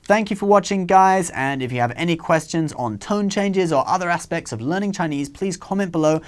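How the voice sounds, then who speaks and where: A man hosting a scripted language lesson, explaining rules clearly and saying example words slowly and carefully. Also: high voice. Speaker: host and Chinese language teacher.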